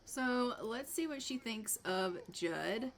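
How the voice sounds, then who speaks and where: A woman's voice: fairly high pitch, lively intonation, slow pace, crowd noise. A woman casually narrating her gameplay, making up chatty dialogue for the characters as she goes. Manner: voices both characters' dialogue in a chatty, playful way. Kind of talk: casual let's-play commentary.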